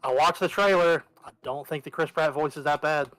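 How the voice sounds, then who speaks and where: A man's voice: a little high, fairly quick, fairly bright tone, faint music behind. A man from the Southern United States chatting casually while gaming, wry and opinionated, swearing now and then. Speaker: game player. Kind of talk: casual chat while playing.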